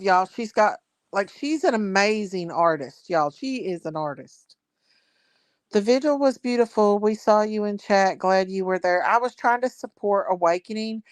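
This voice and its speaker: A woman's voice: medium pitch, clear, resonant tone, dry recording. Chatty woman reading chat comments. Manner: chatty, reads viewer comments aloud, Southern-style grammar. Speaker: livestream host.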